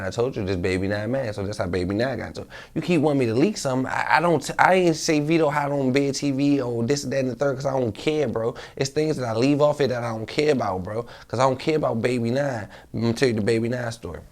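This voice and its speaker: A man tells a street story straight to camera, rambling and repeating himself, loaded with slang. His voice has a gravelly edge and an ordinary pitch for a man. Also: fairly quick, darkish tone. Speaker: YouTuber telling a street story.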